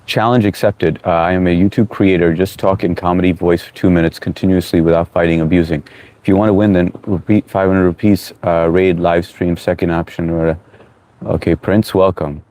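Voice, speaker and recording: A man with a low-sitting voice hosts a casual live stream at a brisk pace. He greets viewers by name, reads their chat comments aloud, and offers relaxed, encouraging advice.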